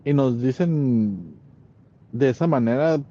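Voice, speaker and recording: A man's voice: medium pitch, expressive, unhurried, dark tone, highs cut off. A man co-hosting a podcast in casual conversation, speaking hesitantly with many fillers and repeated words. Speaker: podcast co-host.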